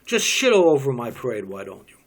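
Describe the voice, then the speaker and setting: A man cold-reading a stage play, voicing a distraught, bitter pregnant young woman in loud, shrill outbursts. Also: wildly swooping pitch, fairly quick.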